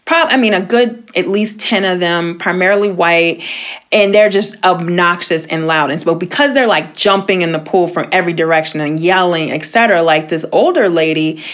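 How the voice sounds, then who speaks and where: A woman telling a personal story in casual conversation as a guest, animated, with many filler words and sudden upward swoops for emphasis. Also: lowish voice, normal speed, highs cut off.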